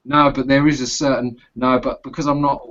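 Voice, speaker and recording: A man's voice: medium pitch, level tone, brisk, dull audio, background noise. A man hosting a podcast, swearing and laughing in crude casual banter about slang. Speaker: podcast host.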